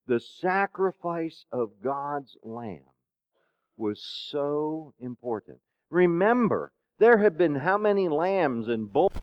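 A man preaching a sermon who keeps asking the congregation questions and swings between soft and loud. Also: a little high, clear, resonant tone, no echo, muffled recording. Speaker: pastor.

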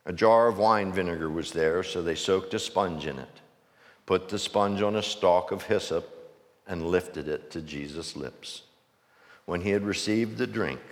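A man preaching a sermon, reading scripture slowly and deliberately, then pressing a string of urgent questions. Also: low-pitched, in a large hall.

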